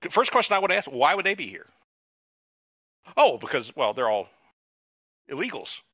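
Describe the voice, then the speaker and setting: A podcast host, slightly high-voiced with a sharp tone, big pitch swings, and a moderate pace, chats casually while reviewing a TV show. He rants, swears a lot, and mocks people with put-on quotes, on dry, dull lo-fi podcast audio.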